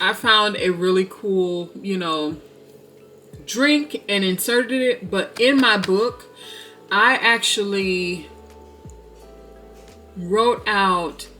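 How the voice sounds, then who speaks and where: A young woman talks to her viewers in a relaxed, heartfelt vlog, taking her time with each thought. Her voice is bright and clear. Faint music plays softly in the background. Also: mid-range voice. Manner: chatty and heartfelt, calls viewers "girl" and "y'all". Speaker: vlogger. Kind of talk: casual chat to camera.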